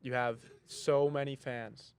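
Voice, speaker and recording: Earnest young podcast host. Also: male voice, medium pitch, steady tone, takes it slowly. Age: 20s. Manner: earnest, effusive, grateful. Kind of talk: podcast interview.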